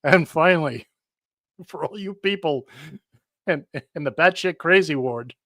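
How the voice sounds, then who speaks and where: A man's voice: fairly high pitch, lively intonation, a little slow, sharp tone, no echo. Joking man radio host, dry sound. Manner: joking, rambling, with fillers. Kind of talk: casual radio chat.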